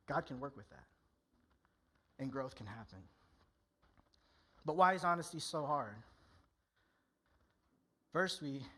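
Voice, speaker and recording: A man's voice: a little high, pushed and bright. A male pastor preaching a candid, conversational sermon in church, often acting out people's inner voices.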